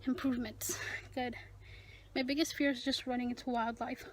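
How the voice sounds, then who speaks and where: A woman's voice: high voice, little pitch movement, a little fast, a little hiss or hum. A young woman vlogging while hiking alone in the woods, chatty and a bit nervous, out of breath. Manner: chatty, talks to viewers, nervous self-talk. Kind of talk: casual vlog narration while hiking. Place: outdoors in woods.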